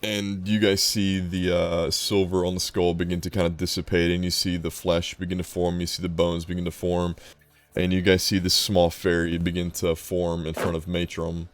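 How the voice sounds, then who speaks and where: A man's voice: low-pitched, completely flat delivery, moderate pace, no echo. A man narrating a tabletop game as dungeon master, describing scenes loosely and casually.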